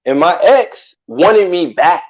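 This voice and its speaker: A man telling a personal story in casual chat, animated and loose with street slang, acting out what people said. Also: high voice, slow, lo-fi sound. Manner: animated, acts out quoted lines loudly, salty slang.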